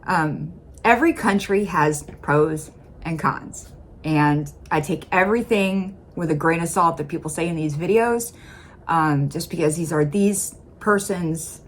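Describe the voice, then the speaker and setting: An American woman with a low, dark-toned voice talks casually to her viewers, hedging with um and like. She is recorded at home on a desk mic. A faint hiss of room noise sits under her. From United States. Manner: chatty, hedging with many ums and likes. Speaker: reaction video host. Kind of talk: casual reaction chat.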